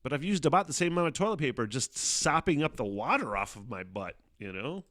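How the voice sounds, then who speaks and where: Bright-voiced laughing podcast man. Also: medium pitch, a little fast, no echo, clean studio sound. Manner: profane, laughing, animated storytelling. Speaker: podcast host. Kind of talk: casual solo chat.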